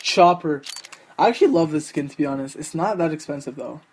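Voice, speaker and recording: A young man runs a gaming channel, opening game cases while giving live commentary that's excitable and full of swearing, lurching from hype to groaning despair. His voice is on the high side and brisk, with a bit of hiss or hum in the recording.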